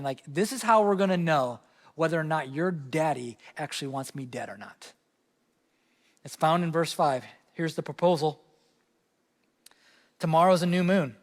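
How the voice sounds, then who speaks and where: High-voiced preacher in a reverberant sanctuary. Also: male voice. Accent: American Midwest. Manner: expository preaching, animated, rising emphasis and dropping to low asides. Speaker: pastor. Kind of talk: sermon. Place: church sanctuary. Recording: long hall reverb.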